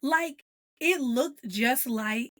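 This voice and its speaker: Brief: woman, podcast host, high voice, animated casual review chat, dry close sound. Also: extremely slow, no room sound. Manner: animated, laughing, acts out quotes.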